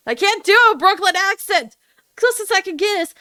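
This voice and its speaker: A woman's voice: very high voice, expressive, normal speed, pushed and bright, no echo. A woman giving playful, self-deprecating commentary while playing a game. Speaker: let's play narrator. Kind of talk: casual gameplay commentary. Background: faint game music.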